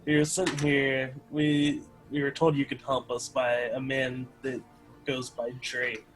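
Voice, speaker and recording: A man playing a tabletop game, talking in a hesitant, halting way. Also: medium pitch, little pitch movement, fairly bright tone, faint music behind, low-quality recording. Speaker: player. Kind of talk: casual tabletop play.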